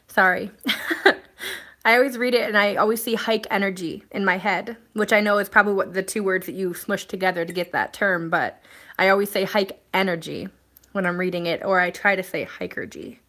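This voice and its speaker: A woman's voice: mid-range voice, steady tone, fairly quick, a bit bright. Chatty woman hosting a live stream. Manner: chatty and rambling, many fillers and restarts. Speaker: live stream host reading viewer comments. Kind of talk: casual live-stream chat.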